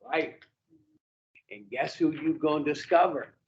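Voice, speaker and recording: A man with a rather high voice gives a blunt, swear-laden talk to a recovery group and keeps throwing questions back at the listeners. The recording is dull and lo-fi. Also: unhurried, a little hiss or hum. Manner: profane, plain-spoken, fires rhetorical questions at the room. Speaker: addiction recovery group speaker.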